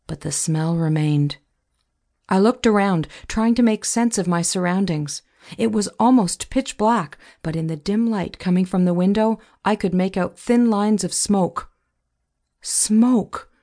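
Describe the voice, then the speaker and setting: Woman audiobook narrator, low gravelly voice, measured first-person reading. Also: dark tone.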